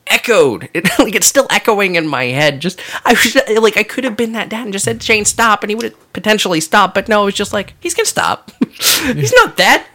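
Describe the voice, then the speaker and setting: A man's voice: high voice, brisk, sharp tone. A man, a father with young kids, telling a funny story on a podcast, laughing through it and acting out the quotes. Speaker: podcast co-host. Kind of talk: casual chat.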